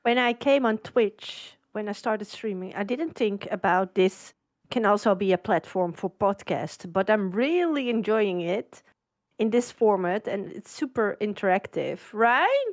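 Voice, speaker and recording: Bubbly woman with a lively, bouncing voice. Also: mid-range voice, unhurried. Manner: bubbly, encouraging, giggly. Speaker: podcast co-host. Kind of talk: casual live-stream podcast chat.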